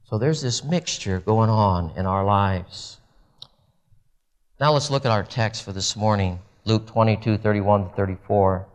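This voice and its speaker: A man preaching a sermon in a church, animated, with wide swings in pitch and loudness. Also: a little slow. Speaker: pastor.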